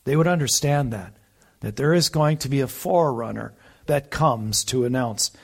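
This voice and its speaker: A man's voice: mid-range voice, normal speed, gravelly, husky. A man preaching a conversational sermon, teaching a Bible passage with emphasis and rhetorical asides to the listeners.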